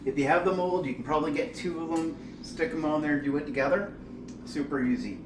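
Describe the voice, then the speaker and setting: Brisk and a little high-pitched, a man talks through a recipe while cooking at home, keeping up a relaxed chat with the friend beside him. He's the host of a home cooking channel. The sound is echoey and noisy from a distant microphone, and clattering pots, pans and dishes fill the background.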